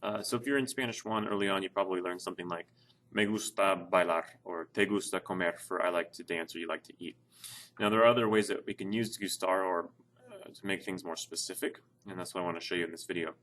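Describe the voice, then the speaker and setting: A man's voice: low voice, steady tone, fast talker, a bit bright. A man teaching a casual Spanish grammar lesson over an on-screen document, explaining step by step with frequent fillers. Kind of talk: screen-share lesson narration.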